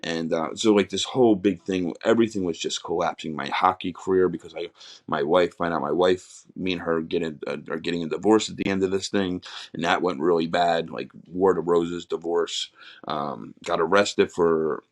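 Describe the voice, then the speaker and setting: A man's voice: deep voice, steady tone, moderate pace. A middle-aged man, a podcast guest, candidly telling his life story in a raw, rambling way with many restarts.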